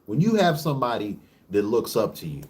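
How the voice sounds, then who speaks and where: A man hosting his own vlog, ranting in a casual monologue that is preachy, profane and emphatic, with rapid bursts and frequent restarts. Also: mid-range voice, very animated, darkish tone. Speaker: vlog host.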